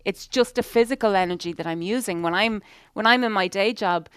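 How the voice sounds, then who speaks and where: Smooth-voiced woman, frank and rambling. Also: medium pitch, fairly quick, a bit bright, no room sound, studio quality. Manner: rambling, frank, swears, many "you know"s. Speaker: podcast co-host. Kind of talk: casual chat.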